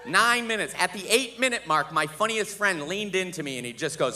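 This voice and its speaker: A man performing a stand-up set on a theater stage, telling a story and doing loud, high impressions of the people in it. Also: expressive, normal speed. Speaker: stand-up comedian. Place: theater stage with live audience.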